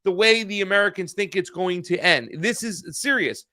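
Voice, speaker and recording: He has a high, bright voice with a forceful edge and moves at a moderate pace. On the political news podcast he co-hosts, his casual talk turns heated as he swears and restarts sentences again and again.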